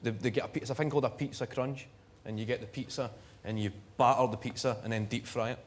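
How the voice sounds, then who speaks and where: A man in his twenties with a thick Glaswegian Scottish accent, a talk show guest telling comic stories in a dry, deadpan way. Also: mid-range voice, quick pace. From Scotland. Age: 20s. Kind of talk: comic anecdote. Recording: noisy TV studio.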